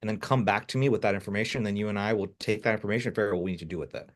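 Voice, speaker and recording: A man coaching a client on a video call, talking directly and repeating his points so they are clear. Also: lowish voice, rapid-fire. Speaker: business coach.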